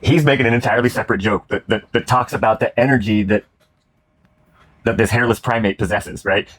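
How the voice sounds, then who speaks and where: A man hosts a casual chat reacting to comedy clips, rambling and restarting often while swearing and laughing. His voice is lowish and fairly bright, and he talks a little fast.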